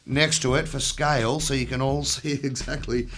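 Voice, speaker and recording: A man's voice: medium pitch, steady tone, normal speed, fairly bright tone, a little hiss or hum. A man giving a casual demo of music gear, dropping dry jokes as he talks. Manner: dry, joking asides. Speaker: gear demonstrator.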